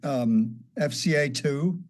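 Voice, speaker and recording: An older man in a casual reminiscing conversation, warm toward his old bandmate and quick with a light joke. His voice sits a little higher than average, and he speaks at an unhurried pace. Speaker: guest, guitarist.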